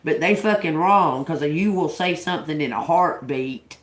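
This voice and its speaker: Her voice is low and her pace moderate, with slight background noise under a roomy echo. An adult woman with a grown daughter, she's a tarot reader telling stories on a casual livestream, laughing often and swearing bluntly throughout.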